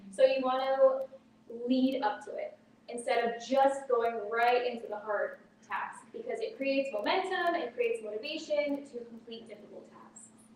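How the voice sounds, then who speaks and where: A woman teacher gives a live parenting workshop in a practical, example-filled way. Her voice sits a little high. It is picked up from far off in a very echoey hall with faint background noise. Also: normal speed, darkish tone. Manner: practical, explains with everyday examples.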